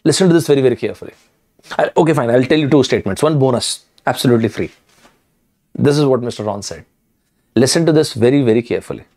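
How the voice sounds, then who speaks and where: A man's voice: mid-range voice, expressive, fast talker, darkish tone. A man giving an earnest, motivational exam-prep lecture, repeating points for emphasis. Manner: earnest, repetitive, emphatic asides. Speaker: teacher.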